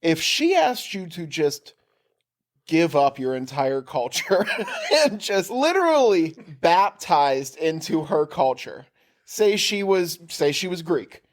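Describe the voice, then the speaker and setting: Casting: male podcast co-host, lively and profane, a bit high-pitched, recorded in a basement. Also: slow pace. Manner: animated, swearing, acts out quotes. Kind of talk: casual chat.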